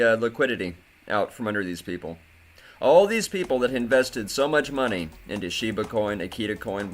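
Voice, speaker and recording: This crypto commentary host delivers an angry rant, sounding indignant, swearing, and going over the same points again and again. He has a medium-pitched, slightly bright voice.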